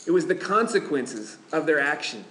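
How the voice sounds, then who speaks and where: Male pastor, slightly high voice, reflective sermon delivery with emphatic repeats, roomy echo. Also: big pitch swings, fairly bright tone, slight background noise. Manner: slow, reflective, emphatic repetition. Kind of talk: scripture reading and sermon.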